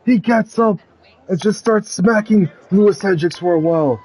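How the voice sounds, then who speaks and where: A man narrates a wrestling video game storyline in a dramatic play-by-play style. His voice sits a little high, and he pushes it toward loud, excited peaks at the big moments. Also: moderate pace, breathy edge. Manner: excitable, builds to loud climaxes.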